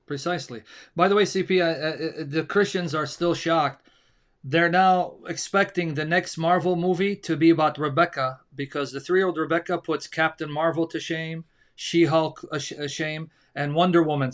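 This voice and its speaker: Sarcastic male co-host, high bright tone, hammers each point slowly. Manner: sarcastic, emphatic, slows down to stress points. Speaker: co-host of a debate stream. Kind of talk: casual mocking commentary.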